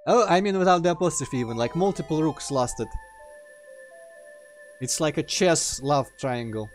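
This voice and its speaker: A man's voice: on the high side, lively intonation, normal speed, faint music behind. Rambling man with a Russian accent. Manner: rambling, self-interrupting, reacts loudly to the game. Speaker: let's play host. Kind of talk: casual gameplay commentary.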